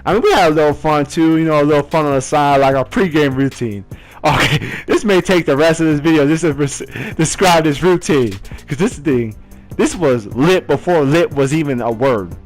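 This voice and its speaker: A lively young man with a fairly high voice tells a story, laughing often and jumping into voices and chants. His delivery is loose and chatty, with faint music under him. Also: normal speed. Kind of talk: casual storytime vlog.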